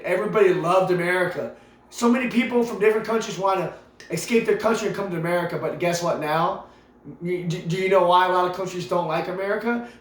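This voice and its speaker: A man delivering an impassioned political rant to camera, emphatic and preachy, piling up rhetorical questions and repeating himself. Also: high-pitched. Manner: repeats himself, stumbles into restarts. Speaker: vlogger. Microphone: camera mic. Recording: echoey room with faint music behind.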